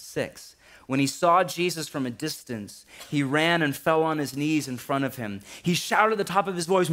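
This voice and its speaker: A man in his thirties delivers a sermon in a church sanctuary. His voice sits a little high, and he preaches in an animated, lively way, mixing humor into the teaching. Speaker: pastor.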